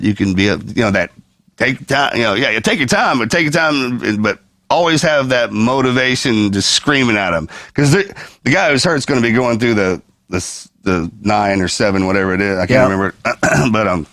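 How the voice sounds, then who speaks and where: A man speaks in a relaxed podcast chat, earnest and rambling, often restarting his sentences. His voice sits at an average pitch, recorded dry and close. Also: dry recording. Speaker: podcast host. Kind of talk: casual conversation.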